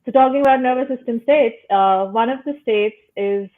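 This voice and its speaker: A woman's voice: a little high, normal speed. Woman guest on a remote call, thoughtful explainer with everyday metaphors, thin phone-like audio. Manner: thoughtful, explains with simple metaphors, frequent "right?". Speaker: guest explaining the nervous system. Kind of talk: casual explanatory talk. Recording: tinny phone-like call line.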